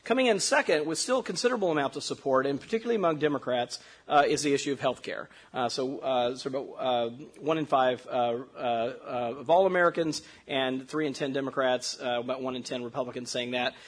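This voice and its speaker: A man's voice: medium pitch, brisk, few pauses. A man presenting survey research findings to an audience, explaining step by step with many "uh"s and rhetorical "right?" questions.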